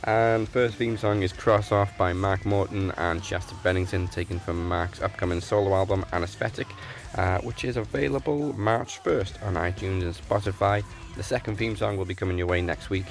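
Deep-voiced man hosting a wrestling podcast. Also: moderate pace, vocal fry, soft background music. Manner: plugs and reads out show details. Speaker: podcast co-host. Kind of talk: casual podcast chat and sign-off.

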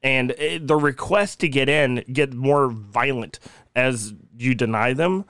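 An excitable young man talks on a casual podcast, swearing freely and breaking into laughter often. His voice sits at a middle pitch and sounds close and dry, with no room around it. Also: slow pace, clear, resonant tone, no room sound. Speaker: podcast co-host.

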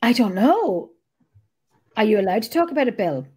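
A woman's voice: on the high side, big pitch swings, normal speed, darkish tone, slightly rough. Chatty woman, rambling and swearing. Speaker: podcast host. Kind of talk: casual chat.

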